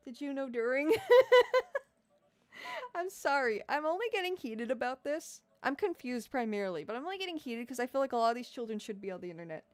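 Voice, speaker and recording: A young adult woman livestreams, casually chatting and reacting to comments, rambling, swearing a lot and laughing often. Her voice is a little high, animated and fast with hardly any pauses, and the recording is dry.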